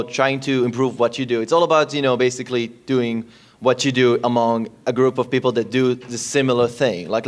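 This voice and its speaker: A man speaking casually on a convention panel, loose and playful with many fillers. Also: medium pitch.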